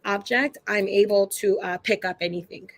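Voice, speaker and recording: A woman telling stories as a guest psychic in a loose, chatty way. Her voice sits at an ordinary middle pitch, and the recording is dry and close with no room sound. She leans on lots of fillers and acts out what people said. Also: steady tone, normal speed, no echo. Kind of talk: casual storytelling.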